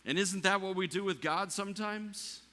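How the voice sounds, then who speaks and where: Man, pastor, sermon, bright forceful tone, slightly high voice, builds to near shouting then drops quiet. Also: normal speed. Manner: rises to near shouting at peaks, drops quiet for calm lines. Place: church.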